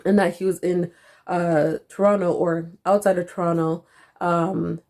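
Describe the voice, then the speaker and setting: A young woman vlogger telling a story in a casual, animated way, filling her talk with "like" and acting out the dialogue. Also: on the low side, a little slow. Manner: animated, lots of "like", acts out dialogue.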